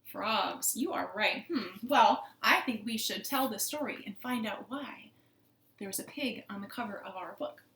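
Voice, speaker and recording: A woman's voice: mid-range voice, unhurried, echoey room. A woman librarian reading a picture book aloud to children from her living room, playful and asking them questions. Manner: animated and playful, asks the kids questions.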